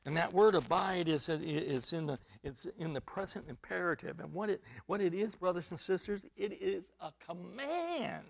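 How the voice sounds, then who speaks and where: A man preaching an expository sermon, emphatic and repeating himself, dropping at times to a hushed near-whisper. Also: high-pitched, lively intonation, moderate pace, gravelly, hardly any pauses. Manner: repeats and restarts words while reaching for a point.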